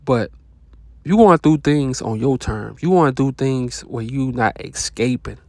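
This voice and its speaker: A man talks in a loose, unscripted monologue, blunt and profane, dropping slang and brief laughs between his points. His voice sits at an ordinary middle pitch. The sound is dry and close, with no room echo. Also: a little slow, a little mellow. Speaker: self-help vlogger. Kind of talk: casual motivational monologue.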